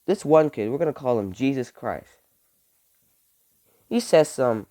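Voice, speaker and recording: A young man vlogging, telling a school story in a casual, animated way, swearing and saying "like" a lot. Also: fairly high pitch, unhurried, pauses often. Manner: animated, swears, heavy use of "like".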